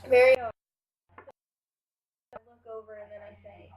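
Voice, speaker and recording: A woman's voice: fairly high pitch, steady tone, measured pace, long pauses, dull audio. A young woman casually telling a long dream story, rambling with many "like" and "you know" fillers and frequent swearing. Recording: echoey room.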